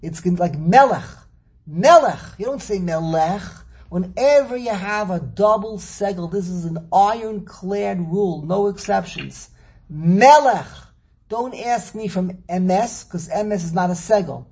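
A man teaching a Torah class, lecturing slowly and animatedly, teasing his students and repeating words as he thinks. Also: sits high, warm tone, husky. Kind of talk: classroom lecture on Hebrew grammar and verses.

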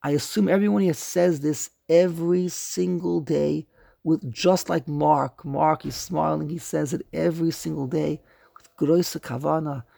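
Rabbi guy giving a class, gravelly voice, kinda high, chants the verses slow, dry sound. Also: dry recording. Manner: emphatic, chants quoted scripture slowly; animated questioning delivery. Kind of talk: religious study lecture.

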